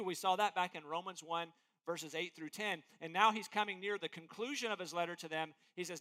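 A pastor preaches an expository sermon in a brisk, high-sitting voice. He is emphatic and animated, acting out the quotes as he goes.

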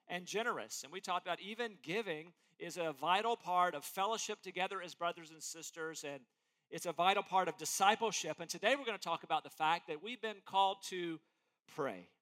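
A man preaching an expository sermon as pastor, emphatic and animated, acting out quotes as he goes. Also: high voice, a little fast.

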